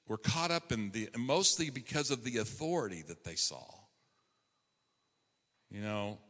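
Guy preaching a sermon, kinda high voice, big echoey church sound. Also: sharp tone. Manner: emphatic preaching, rising on key phrases. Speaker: pastor. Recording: long hall reverb.

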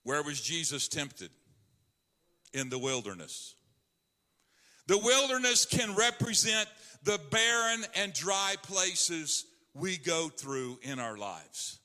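A man preaching a sermon as a pastor, swinging between loud emphasis and hushed asides. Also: a little high, lively intonation, slow pace, in a large hall.

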